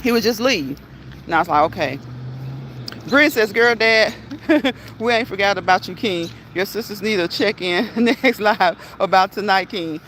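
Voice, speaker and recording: A woman's voice: mid-range voice, slight background noise. A woman hosting a casual livestream, reading chat messages aloud, laughing often and talking back to her viewers. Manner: quick, lively chatter.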